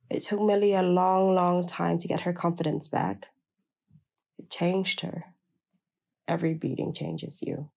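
A woman's voice: on the low side, vocal fry, a little mellow. A woman narrating a first-person memoir in a blunt, plain-spoken way.

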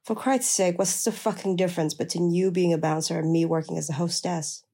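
A fiery woman, quick to rage and quick to swear, as a female narrator puts her on. The voice is low and gravelly, with a dark, mellow tone. The lines come as hot, cursing retorts. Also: fairly even intonation. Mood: heated.

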